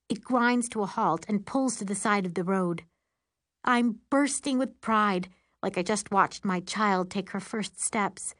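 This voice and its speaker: A woman narrating an audiobook in first person as an excitable, meddling teenage girl with a wry, lively manner. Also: mid-range voice, measured pace, no room sound, clean studio sound.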